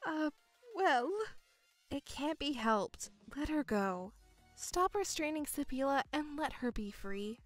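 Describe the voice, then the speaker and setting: A woman voicing a calm, cold young stepdaughter in a dramatized story, speaking in a measured, coolly firm way. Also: high-pitched, no room sound, faint music behind.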